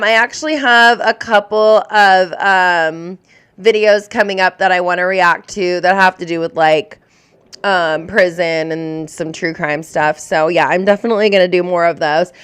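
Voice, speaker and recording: Woman, 30s, live streamer; casual, rambling, heartfelt chat with a clear, smooth voice. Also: mid-range voice, normal speed. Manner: rambling, chatty, full of "like" and "um"; warm and openly emotional toward viewers. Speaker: live streamer answering viewer questions.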